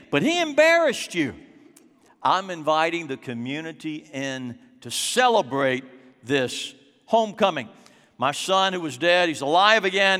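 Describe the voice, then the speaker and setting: A man preaching a sermon, dramatic and acting out scenes, slowing down for emphasis in a church hall. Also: fairly high pitch, bright, forceful tone.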